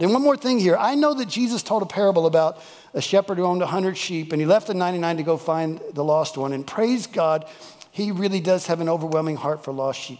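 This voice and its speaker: Male preacher, high voice, folksy and emphatic, long church reverb. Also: fast, a little mellow. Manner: folksy, emphatic, repeats key phrases. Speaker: pastor. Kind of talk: sermon. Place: church worship service.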